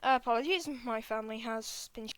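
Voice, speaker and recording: Fast, offhand woman reading a script. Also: a little high, a bit bright, smooth, no room sound. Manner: quick, offhand and apologetic. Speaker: script reader. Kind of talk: reading a film script aloud, casual asides.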